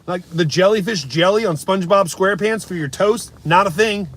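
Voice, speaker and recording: A man's voice: high voice, fairly quick, a bit bright. Brash, mocking male streamer. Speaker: live streamer. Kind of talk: casual comedic rant.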